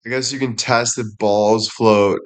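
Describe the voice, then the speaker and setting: A man's voice: on the low side, fairly even intonation, takes it slowly. Man, crude rambling monologue, heavy swearing, laughs at own jokes, livestream. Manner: profane, rambling, laughs often, fillers like "you know".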